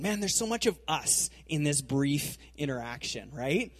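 A man with a slightly high, husky voice preaching in a relaxed, conversational way. He tells the story in an animated style and uses plenty of everyday fillers. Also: moderate pace, hardly any pauses. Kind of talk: conversational sermon.

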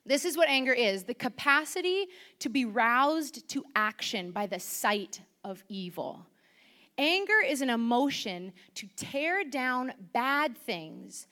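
A woman giving a sermon in church, chatty and lively, asking the congregation questions. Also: sits high. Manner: lively, conversational, asks the audience questions. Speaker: preacher.

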